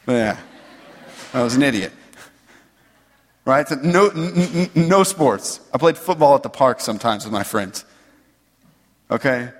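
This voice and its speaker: A man giving a conversational sermon, loose and animated, often checking in with "right?". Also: medium pitch, unhurried, long pauses, big-room sound. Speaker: preacher.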